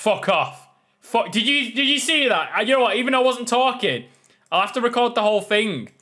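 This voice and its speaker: Young guy doing let's play commentary, high voice that jumps all over, gets loud and swears when stuff happens. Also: brisk. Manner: excitable, swears and shouts in surprise. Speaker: gaming channel host.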